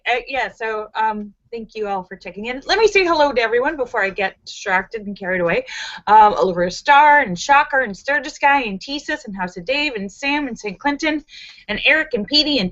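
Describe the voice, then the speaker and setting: A woman's voice: a little high, expressive, moderate pace, a bit bright, muffled recording. A woman hosting a casual live stream, bubbly and sassy, giggling between jokes and greetings. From United States.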